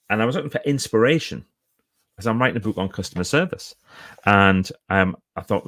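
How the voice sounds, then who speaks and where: Middle-aged male author, lowish voice, upbeat off-the-cuff live-stream chat from a home office. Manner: chatty and enthusiastic, self-interrupting. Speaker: author and speaker. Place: home office lined with books. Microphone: phone or camera for a live stream.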